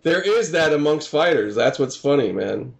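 Rambling man, slightly high voice. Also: expressive, moderate pace, creaky, muffled recording, a little hiss or hum. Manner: rambling, many "you know" fillers, laughs often. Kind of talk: casual chat.

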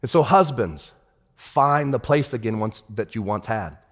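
A man pastor preaching a sermon, swinging from shouted rebukes to hushed, tender storytelling. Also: medium pitch, animated, unhurried, husky. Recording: long hall reverb.

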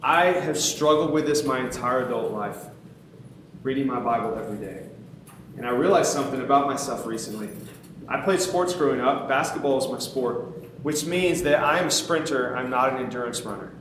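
A man preaching a sermon in an animated, conversational way, poking fun at himself. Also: medium pitch, normal speed, very echoey, slight background noise. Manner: animated, conversational, self-mocking, laughs often.

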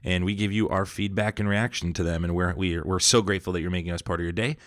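A man's voice: sits low, steady tone, fast, a bit bright, dry recording, clean studio sound. A man hosting a casual pop culture podcast, talking in an upbeat, chatty, welcoming way. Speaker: podcast host. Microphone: studio microphone.

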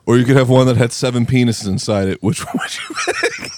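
A man's voice: medium pitch, brisk, dry recording. A man co-hosting a casual podcast in a basement studio, cracking rowdy, crude jokes. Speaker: podcast co-host. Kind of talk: casual chat.

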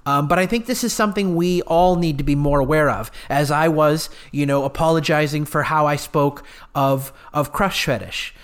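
A man's voice: fairly high pitch, normal speed, hardly any pauses, clean tone. A man hosting a solo podcast, talking earnestly and with opinions, thinking aloud with fillers. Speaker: podcast host.

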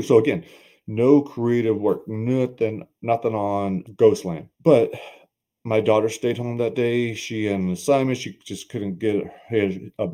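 Middle-aged male podcast host, low and mellow, confessional and reflective. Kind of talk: personal solo podcast talk.

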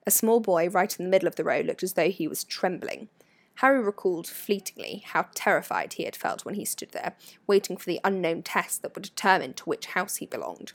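A woman narrating a storybook in an expressive, varied reading, recorded close to the mic. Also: lowish voice, a little fast, no room sound. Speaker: audiobook narrator.

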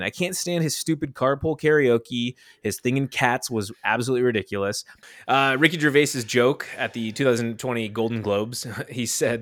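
A man's voice: mid-range voice, normal speed, a bit bright, no echo, studio quality. A man co-hosting a podcast in casual chat, laughing often and breaking into goofy singing. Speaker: podcast co-host.

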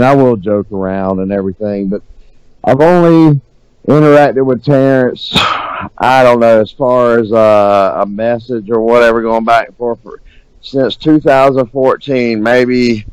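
A laid-back man hosts a podcast in casual, rambling chat, hedging as he goes. His voice is smooth and resonant, recorded close and dry with no room sound. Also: lowish voice, a little mellow, no echo, rough recording. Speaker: podcast host.

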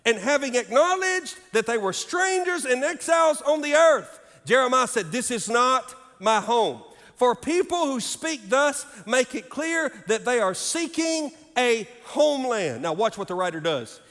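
High-voiced preaching man in a hall. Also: very animated, unhurried. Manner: preaching with big swings from loud high calls to hushed low asides. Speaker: pastor. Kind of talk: sermon. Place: church sanctuary. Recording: long reverb in a large hall with faint music.

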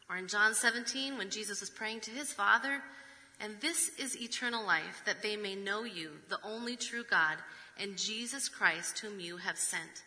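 A woman preaching a sermon, measured, reading scripture with rhetorical asides. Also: mid-range voice, pushed and bright. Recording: long reverb of a large hall.

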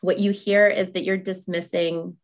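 Young woman host, kinda low voice, chatty and frank, lots of likes and laughs. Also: little pitch movement, moderate pace. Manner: candid, laughs often, many fillers. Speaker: podcast host. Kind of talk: faith-based casual chat.

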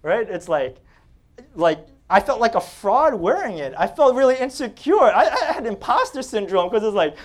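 Lively animated preacher man. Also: high-pitched, moderate pace. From Staten Island, New York. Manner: animated, joking, laughs often, conversational fillers. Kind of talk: sermon with personal stories.

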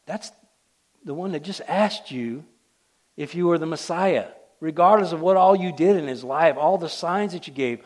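A man preaching a sermon, driving points home and then dropping to a hush. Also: fairly high pitch, moderate pace. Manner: emphatic, swings between loud declarations and hushed asides.

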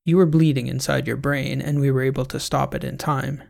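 A man's voice: medium pitch, flat delivery, fairly quick, vocal fry, a little mellow. A man doing a patient, coaxing doctor. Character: calm male hospital doctor, patient. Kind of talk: audiobook character voice.

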